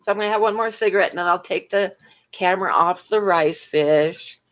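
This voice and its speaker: A woman's voice: on the low side, a little fast. Brief: woman livestreamer, casual chat, rambling anecdotes, frequent laughs, asides to chat. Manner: rambling storyteller, laughs often, talks to chat.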